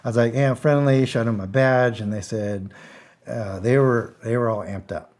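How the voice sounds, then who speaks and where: A man, a guest in an interview, telling a story in a casual, animated way, laughing as he goes and swearing freely. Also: lowish voice, normal speed. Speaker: guest, former intelligence officer.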